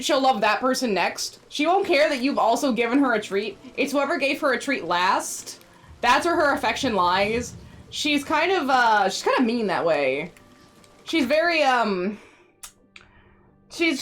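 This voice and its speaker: A woman's voice: high-pitched, a bit bright. A woman streamer chatting casually while she plays, rambling and talking sweetly to her pets. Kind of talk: casual live-stream chat while gaming.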